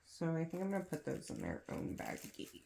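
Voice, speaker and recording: Young woman, low voice, casual crafting chat, rambling, self-deprecating, noisy background. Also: sing-song, moderate pace, creaky, dark tone. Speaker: crafting vlogger. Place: home, kids in another room.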